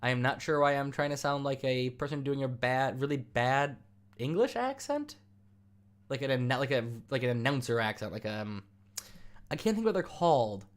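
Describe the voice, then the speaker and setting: A man's voice: mid-range voice, lively intonation, moderate pace. A man hosting a live stream, chatting casually with viewers in a rambling, teasing way and laughing often.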